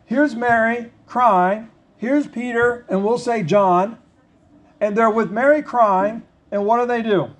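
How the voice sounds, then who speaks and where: A man preaching a sermon, reading scripture slowly and then talking it through in a conversational, questioning way. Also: high voice. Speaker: pastor.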